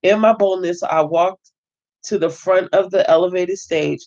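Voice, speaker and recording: A man reading a novel aloud as host, steady but with occasional stumbles and self-corrections. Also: sits high, measured pace, highs cut off.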